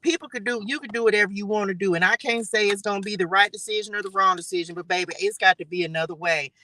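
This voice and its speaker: Man, tarot reader on a live stream; high, bright voice; chatty, sermon-like, talks straight to viewers. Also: fast, slight background noise, rough recording. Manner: chatty, preachy, keeps addressing viewers as y'all and baby. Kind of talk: live spiritual tarot reading.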